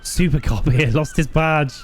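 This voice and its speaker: A man voicing a rowdy male police sergeant who mocks loudly and laughs through his words, reading a video game aloud. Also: fairly high pitch, a little slow, slight background noise, voice pushed up, lightly acted. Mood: mocking.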